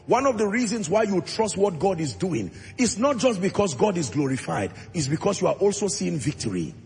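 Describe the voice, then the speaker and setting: A man preaching a sermon as pastor, acting out short dialogues and rising into shouted prayer. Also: high voice, gravelly. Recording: music under voice in a large reverberant hall.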